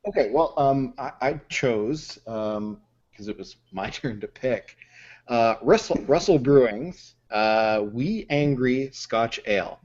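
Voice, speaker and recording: A man co-hosting a podcast, chatting casually over beer in a hesitant way with many pauses, on muffled lo-fi audio. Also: medium pitch, animated, darkish tone. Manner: hesitant, many ums and restarts. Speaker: podcast co-host.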